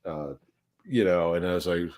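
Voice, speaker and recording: A man's voice: deep voice, normal speed, darkish tone. A man telling a rambling, profane anecdote on a casual live stream. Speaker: livestream host.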